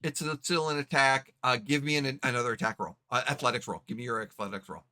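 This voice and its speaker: Bright-voiced male game master. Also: medium pitch. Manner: halting, self-correcting rulings. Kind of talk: running a tabletop game.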